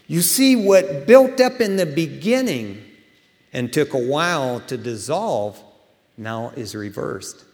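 A middle-aged man preaching a sermon in a casual, animated storytelling way, acting out quotes. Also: fairly high pitch, long reverb tail. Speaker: pastor.

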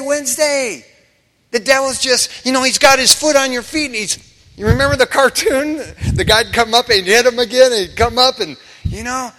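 Animated high-voiced man preaching in a hall. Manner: animated, casual storytelling with humor and acted-out quotes. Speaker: pastor. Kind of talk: sermon. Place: church sanctuary. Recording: preached in a reverberant church hall.

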